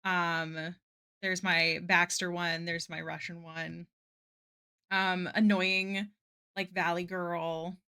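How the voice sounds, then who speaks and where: A woman's voice: fairly low pitch, level tone, takes it slowly, bright, forceful tone, clear, resonant tone. A woman streaming her drawing live, chatting casually and answering her chat with lots of "like" fillers. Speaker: art streamer.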